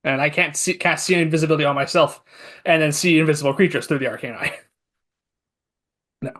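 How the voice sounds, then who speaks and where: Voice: mid-range voice, fairly even intonation, normal speed, a bit bright. Chatty tabletop game player. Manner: chatty, laughs at own plans. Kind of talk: casual tabletop game play.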